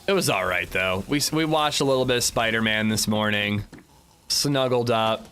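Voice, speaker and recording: A man's voice: fairly low pitch, normal speed, fairly bright tone, a little hiss or hum. A young man chatting casually while streaming a survival game, rambling with frequent restarts and fillers. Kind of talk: casual gameplay livestream chat.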